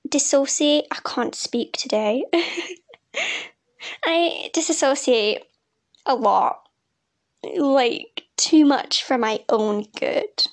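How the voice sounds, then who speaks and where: Slow-talking young woman, high voice. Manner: rambling, laughs often, loses her train of thought. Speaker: podcast host. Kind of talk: casual personal chat.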